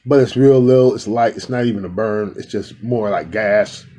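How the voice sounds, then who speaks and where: Here the voice sits lowish and dark-toned, moving at a moderate pace. The man, a spiritual vlogger, rambles casually to his viewers while filming indoors, speaking straight to them with fondness.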